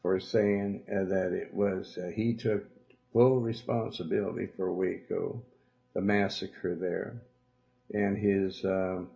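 A man with a Southern drawl spins a rambling tale from the pulpit of his own program. His voice sits deep and gravelly. He preaches and denounces between fillers and side remarks, heard on a muffled, lo-fi recording. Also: level tone, takes it slowly, mellow. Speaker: church leader hosting a religious program. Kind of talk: rambling storytelling monologue.

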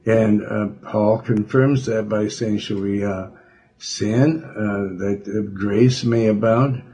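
A man preaching on the radio, working through a Bible chapter in a halting way with many fillers, slowing down to stress key words. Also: on the low side, steady tone, mellow, a little hiss or hum.

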